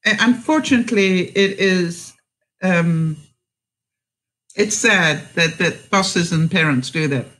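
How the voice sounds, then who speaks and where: Through a rough recording, a live stream host speaks slowly in a fairly low, slightly bright voice. She reads comments from viewers and responds with encouragement, full of fillers, restarts and rambling.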